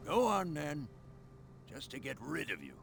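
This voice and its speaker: An actor playing a gruff, suspicious older male caretaker in a video game, with a gravelly, menacing way of talking. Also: on the high side, huge pitch swings, unhurried, noisy background, exaggerated voice. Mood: grudging. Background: game music.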